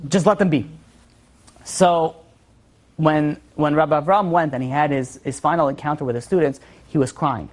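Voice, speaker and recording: A man's voice: a little high, moderate pace. A man teaches an informal Torah lesson in a storytelling way. He talks with animation and often stops and restarts his sentences as he works through the point.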